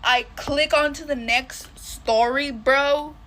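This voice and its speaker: A woman's voice: high voice, steady tone, takes it slowly, fairly bright tone. A woman telling a dramatic storytime while getting ready, full of slang and swearing.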